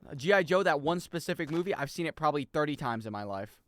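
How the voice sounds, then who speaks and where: Chatty young man streaming a game, lively voice. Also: fairly high pitch, fast. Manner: rambling, chatty, swears casually and laughs. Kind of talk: casual gaming stream chat.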